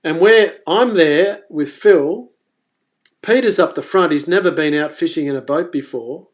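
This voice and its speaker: A man hosting a live fishing stream, telling a story in an animated, exclaiming way. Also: on the high side, unhurried. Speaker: fishing presenter.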